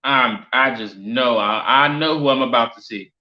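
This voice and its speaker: A man's voice: medium pitch, normal speed. A man streaming live, reacting to a football ranking in an exasperated, incredulous rant that keeps repeating itself. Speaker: sports streamer. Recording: roomy, dull lo-fi stream audio.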